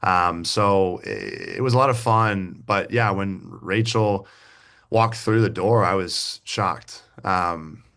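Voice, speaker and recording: A man with a fairly low voice chats casually as a podcast guest, circling back and restarting his sentences as he goes. He sounds like someone in his thirties, relaxed and talkative, and often acts out both sides of a conversation. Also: slow. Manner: rambling, many restarts and fillers. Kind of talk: casual interview chat.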